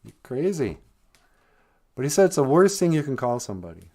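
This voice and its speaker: A man's voice: medium pitch, big pitch swings, brisk, darkish tone. A man hosting a casual podcast, musing aloud and repeating words so listeners can learn them. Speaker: podcast host. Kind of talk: casual podcast chat teaching language words.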